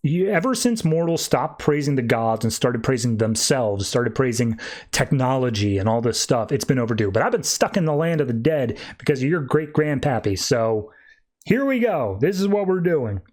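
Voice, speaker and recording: A man's voice: medium pitch, lively intonation, moderate pace, a little mellow, natural voice. A man voicing a boastful, menacing jackal-headed death god in a comic recap, taunting and mocking.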